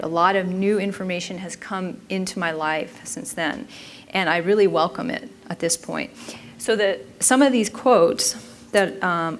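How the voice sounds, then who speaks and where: A woman's voice: on the low side, fairly bright tone, slight background noise. A woman giving an informal talk at a conference in a chatty way, often stopping and restarting her sentences. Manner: chatty, self-interrupting, frequent restarts. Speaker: conference presenter.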